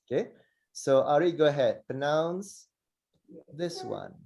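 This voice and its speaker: Male teacher, slightly higher voice, mellow tone; patient, encouraging, demonstrates sounds slowly over a call. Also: big pitch swings, creaky. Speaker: Arabic letters teacher. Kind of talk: online pronunciation lesson.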